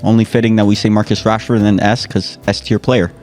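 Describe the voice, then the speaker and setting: A man's voice: lowish voice, little pitch movement, fast, darkish tone, soft background music. A man competing in a quiz with friends, joking around and trash-talking in casual banter. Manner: playful, trash-talking, jokey. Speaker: quiz contestant.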